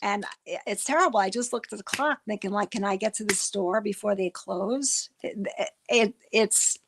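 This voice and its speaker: A woman's voice: mid-range voice, normal speed, creaky, fairly bright tone, a little hiss or hum. A middle-aged woman hosting a livestream, chatting casually with her viewers in a rambling way and often restarting her words. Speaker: livestream host. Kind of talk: casual livestream chat with chat readers.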